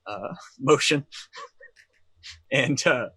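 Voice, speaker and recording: A man's voice: medium pitch, a little slow, fairly bright tone, no echo. A man narrating and running a tabletop role-playing game as game master, talking casually with many fillers.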